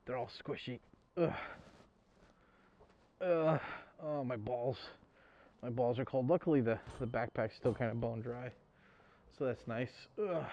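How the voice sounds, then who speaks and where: A man's voice: mid-range voice, unhurried, long pauses. Soaked, chatty man on a lo-fi camera mic. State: soaked and chilled from rain. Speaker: motorcycle travel vlogger. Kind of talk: casual vlog talk to camera. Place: outdoors on a motorcycle and inside a convenience store. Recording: dull lo-fi audio with wind and road noise.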